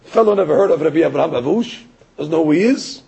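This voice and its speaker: Man, sermon, storytelling, high-pitched, gravelly, very husky. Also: quick pace, poor audio. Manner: animated storyteller, rising to emphatic peaks. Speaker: rabbi or Torah teacher.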